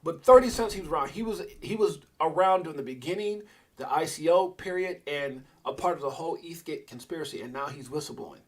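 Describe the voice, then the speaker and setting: A middle-aged man hosting a live crypto stream, talking to his chat in an excitable, rambling way. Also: fairly high pitch, fast. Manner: excitable, rambling, talks to chat and reads out posts. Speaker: crypto livestream host. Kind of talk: casual live commentary.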